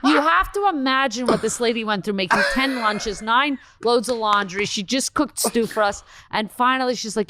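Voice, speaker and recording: A woman from Canada, a comedian guest, telling a story in a lively, swearing, casual podcast chat. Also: on the high side, no echo. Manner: animated storytelling, swearing, quick asides.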